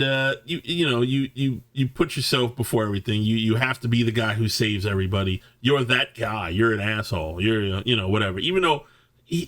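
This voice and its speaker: A man's voice: mid-range voice, fairly bright tone. A man ranting through a movie review, swearing often and restarting his sentences, with many fillers. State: angry. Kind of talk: ranting film review monologue.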